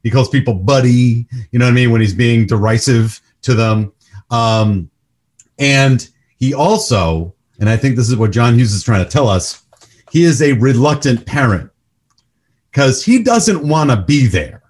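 A man in casual podcast chat about a movie, mid-pitched and emphatic. He pushes his voice up when he makes a point and speaks with conviction. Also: lively intonation, measured pace, darkish tone. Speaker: podcast host.

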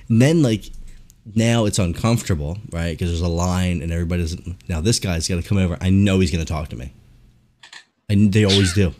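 Podcast host guy, kinda low voice, animated, swears a lot telling stories. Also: a little fast. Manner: animated, profane storytelling. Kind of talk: casual podcast chat.

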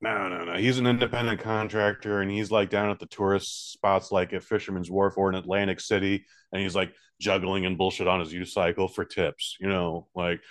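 A man with a lowish voice co-hosts a casual comedy podcast. He is dry and teasing, and stays laid-back even as he corrects his partner or riffs on a bit. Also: brisk, few pauses. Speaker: podcast co-host.

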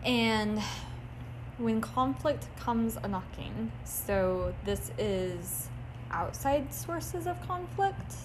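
A woman's voice: a little high, expressive, drawn-out words, noisy background. A woman co-hosting a podcast in casual chat, playful and self-mocking, laughing often. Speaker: podcast co-host.

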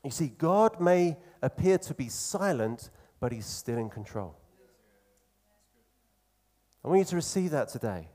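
Earnest preacher, man, fairly high voice. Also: very animated, dark tone. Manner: earnest, conversational preaching with emphatic slow phrases. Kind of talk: sermon.

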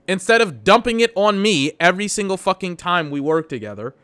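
On his own podcast, a young man with a high-ish, fairly bright voice rants about work, swearing and rambling in exasperation. The recording is dry.

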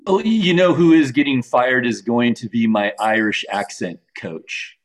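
A man's voice: mid-range voice, measured pace. A man in improvised comedy banter, adding grumbling asides.

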